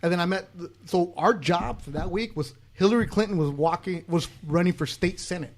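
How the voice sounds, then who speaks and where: A man tells long stories on a casual podcast, slipping in and out of the voices of the people he quotes. His voice sits high for a man. He swears freely and keeps the story rolling. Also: brisk. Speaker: guest sports broadcaster.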